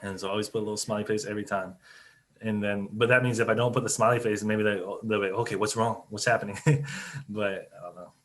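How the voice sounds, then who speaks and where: A man's voice: on the low side, fairly even intonation, fast talker. A man speaking casually as a CEO on a business webinar, chatty and loose, with many fillers and restarts, over a video call mic. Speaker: company CEO on a webinar panel.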